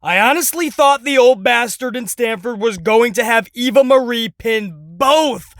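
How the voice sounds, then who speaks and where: A man hosting a casual wrestling commentary show, sarcastic, animated and full of profanity. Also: very high-pitched, a little slow, no echo, studio quality. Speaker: podcast host.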